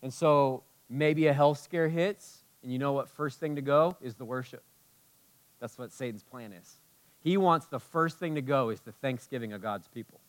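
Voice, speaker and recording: A man's voice: medium pitch, normal speed. Impassioned male pastor preaching. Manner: impassioned, swinging from loud emphasis to hushed tenderness. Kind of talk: sermon.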